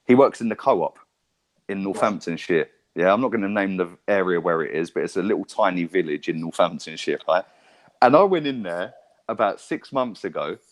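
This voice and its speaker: A man, telling rambling stories and swearing freely as a podcast co-host. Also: fairly low pitch. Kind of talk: casual chat.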